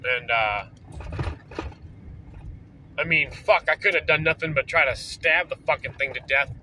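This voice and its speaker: A man's voice: on the high side, unhurried, sharp tone, slight background noise, poor audio. Man telling a rambling profane story. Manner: rambling, profane, full of fillers. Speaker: vlogger. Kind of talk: casual storytelling.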